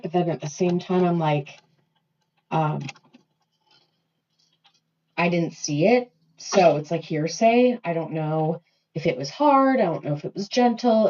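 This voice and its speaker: A woman's voice: lowish voice, a little mellow. A woman, a mother, venting on a casual livestream, heated and swearing, rambling with lots of fillers. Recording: dull lo-fi phone audio.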